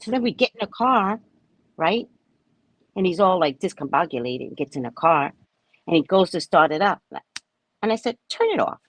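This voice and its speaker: A woman's voice: lowish voice, normal speed, long pauses, no echo, rough recording. A woman host telling a story in a casual way, acting out the quotes and tagging her sentences with "right?". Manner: animated, acts out quotes, keeps saying "right?"; swears casually.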